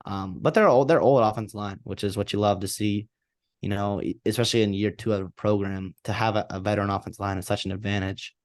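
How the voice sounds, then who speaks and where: Man, low voice, dry close sound, rambling podcast co-host, casual sports chat. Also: steady tone, quick pace, dry recording. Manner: rambling with frequent restarts.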